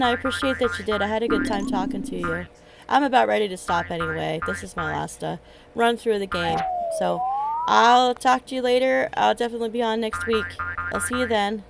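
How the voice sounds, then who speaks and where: A woman's voice: a little high, gravelly, low-quality recording. A middle-aged woman streaming a game, chatting in a rambling way and laughing often. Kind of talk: casual chat while gaming. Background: game music.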